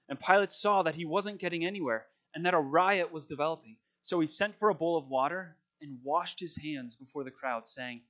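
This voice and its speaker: A man's voice: on the high side, a little fast, hardly any pauses, a bit bright, lo-fi sound. A man preaching, reading scripture dramatically and then talking it through in a casual, conversational way.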